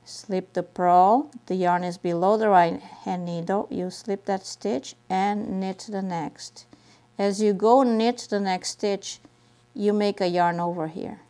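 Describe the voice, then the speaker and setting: A woman's voice: medium pitch, steady tone, warm tone. A woman teaching a knitting stitch step by step, patiently repeating each move as she demonstrates. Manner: patient, repeats steps slowly while demonstrating. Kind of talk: step-by-step craft tutorial.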